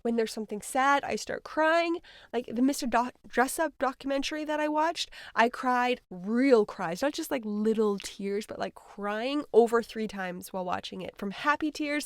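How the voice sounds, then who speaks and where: A woman hosting a spiritual healing podcast, talking in a rambling, earnest way and often trailing off into soft murmurs. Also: a little high, no room sound, clean studio sound. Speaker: podcast host, energy healer. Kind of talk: casual spiritual podcast monologue.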